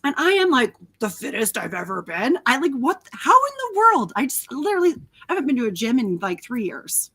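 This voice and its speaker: Candid, animated woman with a husky voice. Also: on the high side, brisk. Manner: animated and candid, swears freely, laughs often. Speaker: host of a live talk stream. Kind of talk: casual live chat answering viewer comments.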